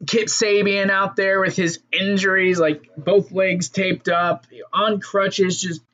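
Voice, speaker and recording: A man's voice: high voice, flat delivery, takes it slowly, a bit bright. Man, casual wrestling review, swears a lot, rambling fillers, somewhat muffled sound. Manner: profane, rambling, fillers and restarts.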